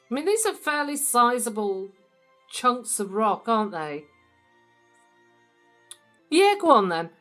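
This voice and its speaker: An upbeat woman hosting her own gaming channel, chatting casually as she plays. She speaks straight to her viewers at a mid pitch, and faint music sits underneath her voice. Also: a bit bright. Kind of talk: casual let's-play commentary.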